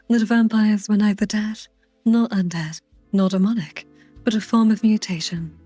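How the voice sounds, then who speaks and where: A woman hosting a stream, reading a book aloud in a soft ASMR manner with playful teasing asides. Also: medium pitch, steady tone, normal speed, breathy edge, no room sound, soft background music.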